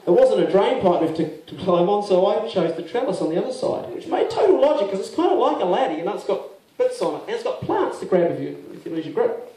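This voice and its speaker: A New Zealand man performs a comic story live, slipping into other people's voices as he goes. His voice sits fairly high. He is heard from a distance in a roomy, echoing venue, and the audience sounds come through clearly. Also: quick pace, crowd noise. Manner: animated, acts out other people's lines. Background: audience laughter.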